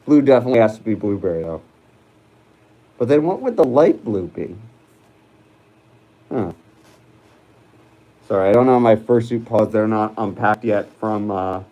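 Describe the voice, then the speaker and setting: A man's voice: mid-range voice, dark tone, poor audio. A man hosting a casual livestream, chatting in a rambling, hesitant way with lots of fillers and restarts as he reads viewer comments. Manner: chats with viewers while reading live comments. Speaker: livestream host.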